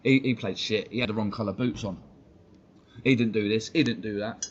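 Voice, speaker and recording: A man's voice: on the low side, fairly even intonation. A man hosting a fan channel, ranting heatedly and swearing a lot during live-stream commentary. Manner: heated, sweary, fast-talking rant. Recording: dull lo-fi stream audio with faint noise.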